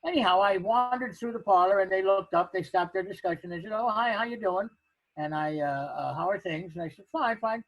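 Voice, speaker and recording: Older male storyteller, husky and high-pitched, halting anecdote delivery. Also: fairly bright tone, no echo, low-quality recording. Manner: acts out the other speakers' lines, halting with restarts.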